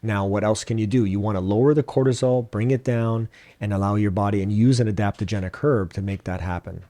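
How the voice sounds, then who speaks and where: A man co-hosting a casual podcast chat, giving calm advice and repeating his points for emphasis. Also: fairly low pitch, a little fast, no room sound. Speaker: podcast co-host, doctor.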